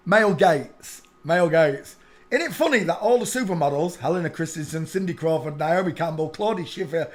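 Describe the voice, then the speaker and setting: A man rants casually in a high voice, mocking and bursting into laughter. His pitch jumps around animatedly, and he repeats short phrases like a chant. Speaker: online commentator. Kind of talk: casual mocking rant over pictures.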